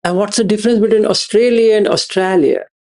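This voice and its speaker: A man teaches his students at a very unhurried pace. His voice carries a gravelly edge, and he keeps checking that they follow. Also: fairly high pitch. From India. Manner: slow, repetitive explaining with questions to listeners. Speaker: meditation teacher. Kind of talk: dharma talk to students.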